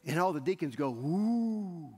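A male pastor preaching a sermon in a church sanctuary, telling the story in an animated way and acting out the scenes. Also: sits high, moderate pace. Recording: echoey church hall.

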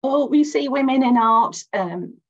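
A woman's voice: high voice, lively intonation, a little slow, dull audio. A middle-aged woman, an academic giving an anecdotal slide talk, chatty and full of restarts. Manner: chatty storyteller, frequent restarts, acts out quoted voices.

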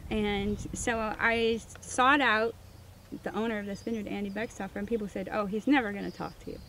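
Animated woman telling her story. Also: medium pitch, a little fast, vocal fry, a little hiss or hum. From Missouri. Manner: animated storyteller, acts out quoted dialogue. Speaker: winemaker, guest. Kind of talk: interview storytelling.

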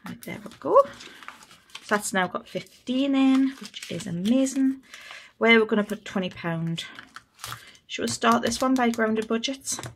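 A woman's voice: a little high, a little slow, a little hiss or hum. A young woman with a Geordie accent, chatting casually and thinking aloud as she sorts cash for her budget. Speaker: budgeting vlogger host. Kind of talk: casual vlog chat while cash stuffing.

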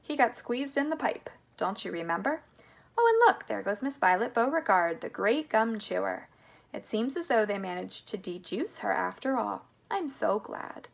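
A woman voicing an eccentric, cheerful male candy maker in a storybook read aloud, talking in a brisk, chatty way. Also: medium pitch, lively intonation, gravelly. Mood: breezy.

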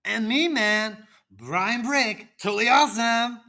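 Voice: mid-range voice, unhurried, bright, forceful tone. A performer voicing a laid-back, curious surfer-dude student who asks questions in casual slang, in a children's educational roleplay.

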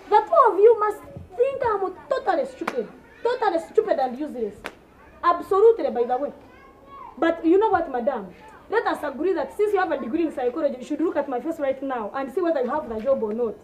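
A woman with a Ugandan English accent performs a comedy sketch with a high voice. She rants in a sarcastic, scolding way, with rhetorical questions and mockery. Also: animated, fairly quick, a little hiss or hum.

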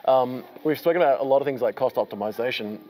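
Guy interviewing someone at a conference, talks fast, faint room hum. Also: medium pitch, mellow, rough recording. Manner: quick, long run-on questions, frequent fillers. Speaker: interviewer host. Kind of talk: conversational interview questions. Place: busy conference venue.

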